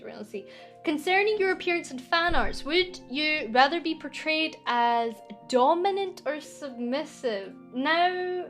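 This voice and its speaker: A young Scottish woman streaming a casual, teasing Q&A with her chat, playful and quick to giggle. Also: high-pitched. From Scotland. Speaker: VTuber streamer.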